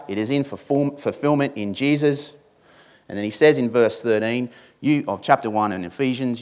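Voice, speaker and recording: A man preaching a sermon, stressing his points with repetition and rhetorical questions. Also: mid-range voice. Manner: emphatic, repeats key words, rhetorical questions. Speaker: pastor.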